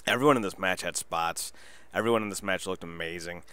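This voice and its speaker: A man with a very low, deep voice rambles excitedly through a casual solo podcast review and swears freely. The sound is dry and close, with no room around him. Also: fairly quick, clean tone, no echo. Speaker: wrestling podcast host.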